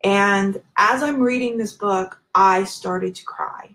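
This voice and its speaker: A woman's voice: mid-range voice, slow, a bit bright, poor audio. A woman giving a candid, confessional talk to her viewers on a live video, speaking informally and addressing them directly as a spiritual self-help speaker. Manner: informal, many fillers and restarts.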